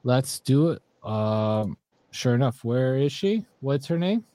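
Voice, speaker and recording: A man's voice: mid-range voice, lively intonation, slow pace, mellow. A man hosting a casual online talk show, chatting in a teasing, questioning way. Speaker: host.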